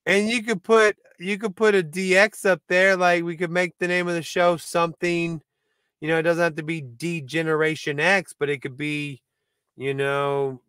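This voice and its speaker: Rambling, excitable male co-host. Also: on the high side, moderate pace, clear, resonant tone, no room sound. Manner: rambling, excitable, full of restarts and "like". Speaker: podcast co-host. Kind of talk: casual chat.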